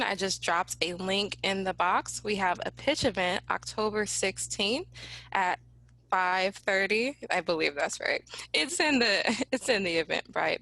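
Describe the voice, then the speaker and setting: A woman moderating a webinar question session on a video call, upbeat and brisk. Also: mid-range voice, creaky, fairly bright tone, no room sound, rough recording.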